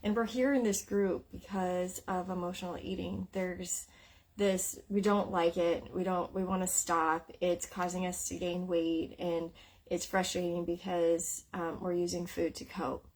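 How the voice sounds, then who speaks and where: Candid woman coach, gravelly voice. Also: fairly low pitch, flat delivery, measured pace, a little mellow. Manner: candid, with frequent "um" fillers. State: emotional after crying. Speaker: eating psychology coach. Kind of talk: casual live stream talk.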